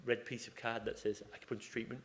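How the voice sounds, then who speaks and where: Flat and fast, his medium-pitched voice has a fairly bright tone. He's a hospital acupuncturist on a surgery team, chatting informally during a conference talk with floor questions and mimicking talk from the ward.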